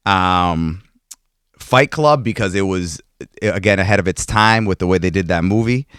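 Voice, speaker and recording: A man co-hosting a casual movie chat, telling scenes from films at length in an animated, storytelling way. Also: deep voice, normal speed, clean tone, dry recording, clean studio sound. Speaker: podcast co-host.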